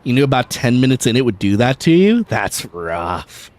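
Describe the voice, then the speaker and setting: A man's voice: medium pitch, very animated, fast talker, darkish tone, no echo. A man chatting casually and jokingly on a gaming livestream, swearing and talking to his viewers. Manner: chatty, jokey, swears and laughs easily. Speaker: streamer.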